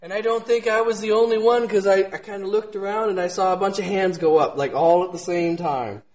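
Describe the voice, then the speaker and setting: A man giving an informal devotional talk with a scratchy voice, swinging from hushed, almost whispered asides to loud shouting, laughing often between lines. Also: sits high, a little fast.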